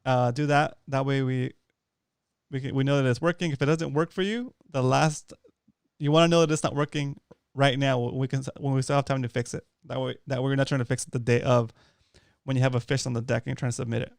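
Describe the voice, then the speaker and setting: A man's voice: medium pitch, fairly even intonation, brisk, creaky, clean tone, no room sound, studio quality. Upbeat man co-hosting a fishing show. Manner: upbeat, coaching listeners with repeated "okay?". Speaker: co-host of a fishing talk show. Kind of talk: casual livestream chat.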